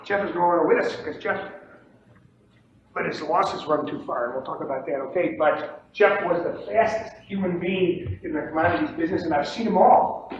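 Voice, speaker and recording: Brief: male trading instructor, emphatic and repetitive, slightly higher voice, distant mic in a very echoey room. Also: moderate pace, dull audio, a little hiss or hum. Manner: emphatic and repetitive, checks in with "okay?". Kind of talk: seminar lecture.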